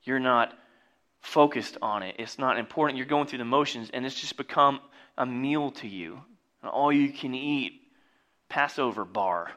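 A man preaching a sermon, reading scripture and breaking into jokey asides and loud exclamations. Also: mid-range voice, normal speed. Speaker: pastor.

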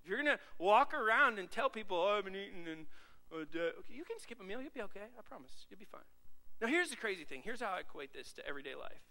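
A man delivers a sermon in a high voice, speaking to his congregation in a loose, conversational way. His tone is bright and forceful as he asks rhetorical questions. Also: quick pace, creaky, poor audio. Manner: lively conversational preaching with audience questions. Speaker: pastor.

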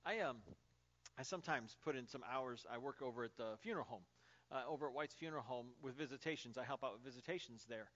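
A man in his thirties preaching a sermon as a pastor, telling stories in an animated, conversational way with fillers. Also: mid-range voice, fast, highs cut off.

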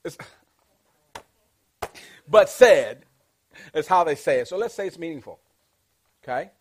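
A man teaching a leadership class, energetic and interactive, calling out questions and pushing the audience to answer back. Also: a little high, measured pace. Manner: energetic, call-and-response with the audience.

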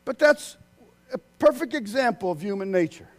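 A man preaching a sermon, swinging from loud, excited outbursts to hushed, quiet passages. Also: high-pitched, moderate pace.

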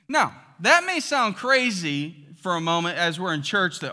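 A man preaching a sermon as pastor, animated and acting out quotes with loud outbursts. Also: high voice, a little slow. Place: church sanctuary. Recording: long hall reverb.

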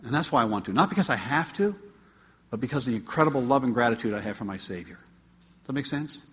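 A man preaching a sermon to his congregation, asking them questions and swinging between emphatic, pleading peaks and quiet asides. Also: mid-range voice, lively intonation, quick pace. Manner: asks the congregation rhetorical questions. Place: church. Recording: long hall reverb.

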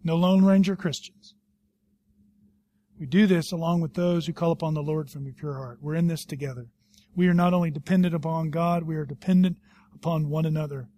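A pastor in middle age delivering a sermon with a fairly high voice. He tells stories with animation, then drops low and quiet to press a point home. The sound is dry and close, with little room around it. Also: brisk, dry recording. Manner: animated storytelling, swings between loud and hushed.

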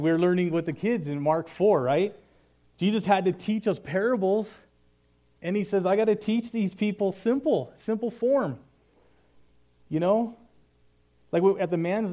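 Man, fairly high and mellow, casual preacher, self-deprecating storyteller who settles into quiet earnestness. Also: normal speed. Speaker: Bible study leader. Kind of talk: casual sermon.

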